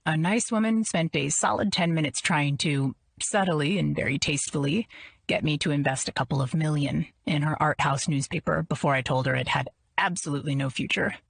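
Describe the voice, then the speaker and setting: A woman voicing a suave, wealthy man with a smooth, cultured and dry manner. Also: low-pitched, brisk, dry recording, heavily acted. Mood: dry teasing.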